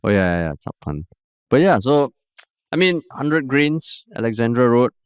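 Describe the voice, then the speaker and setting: A man's voice: medium pitch, moderate pace, smooth, dry recording, clean studio sound. A man with a Singaporean English accent co-hosting a podcast, chatting casually and telling jokey stories. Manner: animated storyteller, jokey. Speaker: podcast co-host. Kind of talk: casual chat.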